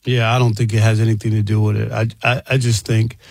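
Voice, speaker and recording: A man co-hosting a sports talk show, cutting in with jokes and speaking in halting restarts. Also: on the low side, flat delivery, vocal fry, a little mellow, no room sound. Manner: joking interjections, halting restarts. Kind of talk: casual sports debate.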